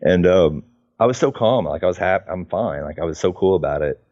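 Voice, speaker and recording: Deep-voiced man, chatty and rambling. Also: animated, a little fast, lo-fi sound. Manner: rambling, chatty, lots of fillers and restarts. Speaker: podcast guest. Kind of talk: casual conversation.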